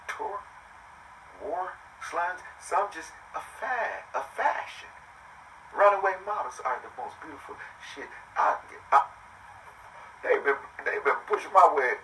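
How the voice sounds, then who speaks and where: A man's voice: medium pitch, sharp tone, distant mic, a little hiss or hum, low-quality recording. A man hosting his own podcast, talking live in a loose, profane, joking way that drifts from topic to topic. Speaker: podcast host. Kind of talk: rambling live monologue.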